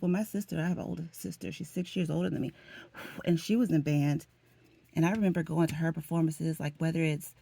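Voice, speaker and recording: A woman's voice: on the low side, gravelly, a little mellow, breathy edge, dry recording. A middle-aged woman from Florida, chatting to her viewers in an emotional, talkative way and calling them "honey" and "y'all". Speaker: vlogger. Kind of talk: casual chat to camera.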